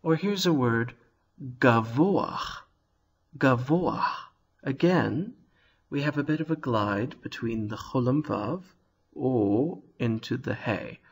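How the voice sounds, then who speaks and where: A man teaching a recorded lesson on Hebrew vowels. He sounds out each word slowly and carefully, with a lively, rising and falling pitch. His voice has a slightly husky edge. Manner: slow, careful sounding out of words. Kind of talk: video lesson.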